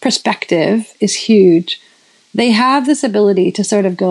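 A woman's voice: medium pitch, normal speed, darkish tone, poor audio. Fifty-something lady preaching, chatty, lots of restarts and side notes. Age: 50s. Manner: rambling, self-correcting, frequent restarts and asides. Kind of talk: sermon-style storytelling.

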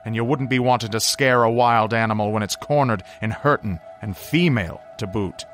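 Man putting on a first mate, burly, godly, earnest, raised higher voice, faint music behind. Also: a little fast, fairly bright tone, natural voice. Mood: commanding.

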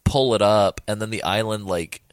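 A man co-hosting a casual podcast, recapping a film in an animated way, swearing freely and acting out quotes. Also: lowish voice, normal speed, no echo. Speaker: podcast co-host. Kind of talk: casual movie recap chat.

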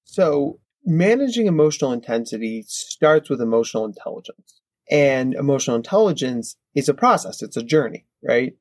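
Animated man explaining, lots of "right?". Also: mid-range voice. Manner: animated, acts out kids' voices, frequent "right?". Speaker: psychologist guest. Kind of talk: conversational expert explanation.

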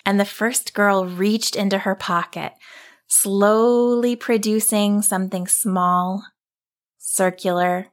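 A woman narrating a children's story in a gentle, unhurried way. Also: medium pitch, gravelly.

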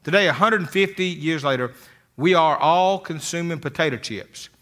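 Older male motivational speaker; bright, slightly high voice; folksy storyteller who stammers into his sentences. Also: normal speed. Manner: folksy storytelling, repeats words when starting sentences. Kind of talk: motivational talk with stories.

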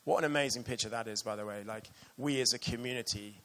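A man's voice: mid-range voice, quick pace, pushed and bright. A man preaching a sermon earnestly and with emotion, reading passages aloud to his church.

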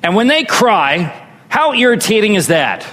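A man's voice: high voice, big pitch swings, a little slow, bright, forceful tone. A man preaching a sermon as pastor, drawing his congregation into call-and-response. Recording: long reverb hall.

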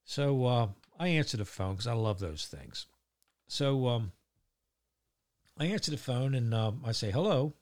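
A man's voice: mid-range voice, expressive, measured pace, long pauses, a little mellow. A middle-aged man telling a casual, rambling story about his day, full of fillers and casual swearing. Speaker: vlogger.

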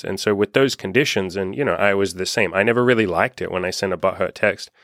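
A man's voice: low-pitched, fast, hardly any pauses, fairly bright tone, no room sound, clean studio sound. A young man coaching on dating, talking candidly and casually, acting out quoted texts and swearing freely. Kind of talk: casual monologue to camera.

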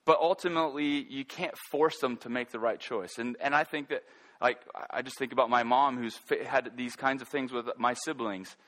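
A man preaching a sermon, earnest and halting, often restarting his sentences. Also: medium pitch, fairly even intonation, fairly bright tone. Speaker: pastor.

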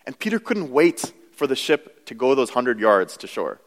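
Chatty young pastor in a reverberant hall. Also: male voice, medium pitch, big pitch swings, normal speed. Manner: conversational, self-deprecating, many "you know"s. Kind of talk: sermon.

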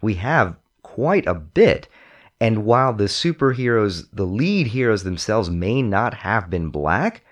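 Lively man in a casual film chat. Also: fairly low pitch. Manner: animated, puts on voices when quoting. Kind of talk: casual movie discussion.

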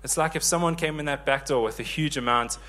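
A man in his thirties preaching a sermon, lively and joking with the congregation. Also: a little high, quick pace. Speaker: pastor.

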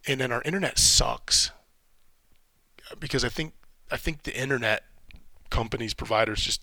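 A man's voice: mid-range voice, creaky, pushed and bright, dry recording. A man hosting a podcast, a military veteran, talking in a rambling, candid, reflective way and cursing casually. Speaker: podcast host.

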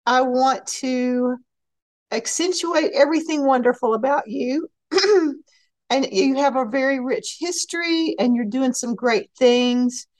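A woman with a Texas accent hosting a podcast interview, asking gentle, encouraging questions over a remote call. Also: sits high, unhurried, no echo. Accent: Texan. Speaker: podcast host.

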